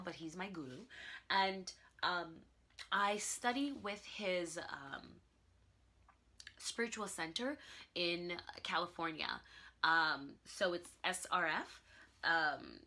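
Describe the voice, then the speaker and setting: Young woman vlogging, bright voice, chatty and laughing a lot. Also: fairly low pitch. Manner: animated, laughing, emphatic storytelling. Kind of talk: casual vlog monologue.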